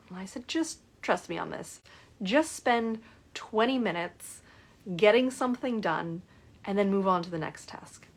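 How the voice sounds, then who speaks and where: Woman, middle-aged, coach, casual storytelling, acts out dialogue, animated. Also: medium pitch, moderate pace. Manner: storytelling, acts out client dialogue with lively shifts. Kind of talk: casual talk to camera.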